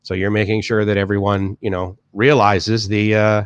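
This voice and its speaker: A man's voice: fairly low pitch, little pitch movement, moderate pace, smooth, dry recording, dull audio. A man from the Boston area with a Boston accent, chatting casually on a live stream, reading viewer comments and rambling with many restarts and fillers. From Boston area, USA. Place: home, in Bangkok.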